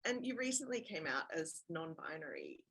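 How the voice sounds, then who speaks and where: An interviewer asking gentle questions and affirming the guest's answers. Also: medium pitch, huge pitch swings, moderate pace, vocal fry, slightly rough, poor audio.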